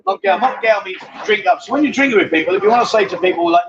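A man's voice: sits high, animated, very fast, highs cut off, noisy background. A man hosting a live stream from a bar, teasing and joking with the women and the chat. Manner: teasing, banters with the crowd. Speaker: livestream host. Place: bar in Pattaya.

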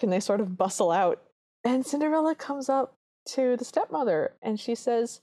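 A woman's voice: on the high side, moderate pace, mellow. A woman co-hosting a podcast, chatting casually and describing scenes of a film she loves. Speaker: podcast co-host. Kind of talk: casual chat recapping a film.

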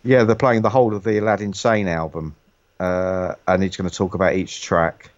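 A man's voice: sits low, fairly even intonation, normal speed, no echo, dull audio. A middle-aged man from the UK chatting casually on a call, rambling with many stumbling restarts. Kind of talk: casual chat.

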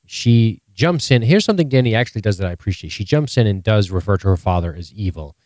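A man's voice: on the low side, animated, fast talker, darkish tone, no room sound. A man co-hosting a podcast, recapping a TV episode in casual chat, swearing freely and laughing often. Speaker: podcast co-host.

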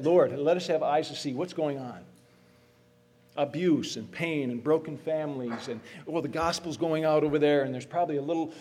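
A middle-aged man preaching a sermon, earnest and emphatic, slowing down to stress repeated phrases. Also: on the high side. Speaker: pastor.

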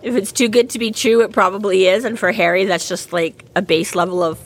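A woman chatting casually about a book, retelling scenes with lively energy. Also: medium pitch, brisk. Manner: animated, acts out characters while retelling.

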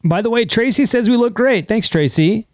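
Lively man hosting a trivia podcast. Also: high-pitched, normal speed. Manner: laughing, teasing, swears casually. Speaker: podcast host and trivia quizmaster. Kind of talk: casual podcast chat.

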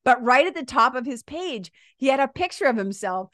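A woman around fifty, hosting a podcast and telling a story in a casual, animated way. She laughs often and swears freely. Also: high voice, a little fast, no room sound, clean studio sound. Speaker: podcast host.

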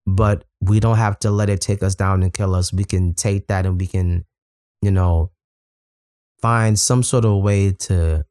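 A man's voice: lowish voice, a little mellow, clear, resonant tone, no room sound, studio quality. A male musician guest on a podcast interview, talking in an exuberant way and swearing freely. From United States.

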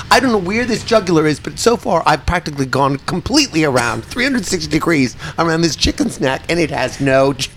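A man spins a comic personal story, his fairly high voice leaping up and down as he acts out each scene and throws in exasperated asides. Faint ambient noise sits under his voice. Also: sing-song, a little fast, hardly any pauses, fairly bright tone.

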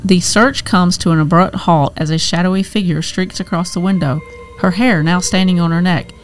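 A woman reading a horror story aloud as scripted narration, measured and tense. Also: fairly low pitch, fairly even intonation, soft background music.

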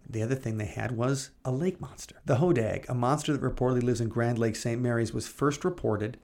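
A man co-hosting a podcast, reading old newspaper clippings aloud in a brisk, animated way and chatting loosely in between. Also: medium pitch, no room sound. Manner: reads quotes in a brisk, animated way, then chats loosely. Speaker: podcast co-host.

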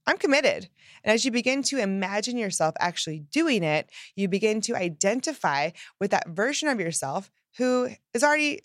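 A woman giving an upbeat motivational self-help talk, emphatic and lively, acting out the phrases she quotes. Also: medium pitch, no echo, clean studio sound. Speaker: self-help podcast host.

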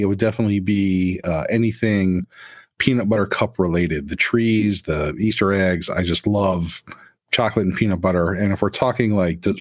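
A man running a tabletop game as storyteller, talking in a relaxed, conversational way. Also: sits low, husky, no echo. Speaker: game master.

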